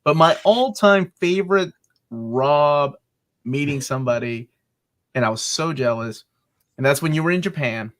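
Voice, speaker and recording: A man co-hosting a casual podcast, teasing his friend while retelling a story with animated delivery. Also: on the high side, normal speed. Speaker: podcast co-host.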